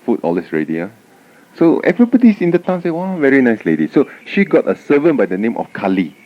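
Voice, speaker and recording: A fast-talking man with a medium-pitched voice gives a Buddhist dharma talk, telling stories with animation and often tacking "huh?" onto his lines. The audio is a dull, lo-fi tape recording from 1989.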